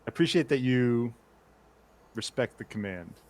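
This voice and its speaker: A man's voice: medium pitch, lively intonation, normal speed, close to an everyday voice. Man as a commanding officer, curt and cold, with a mid-range voice. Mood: stern. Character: stern, cold male military officer.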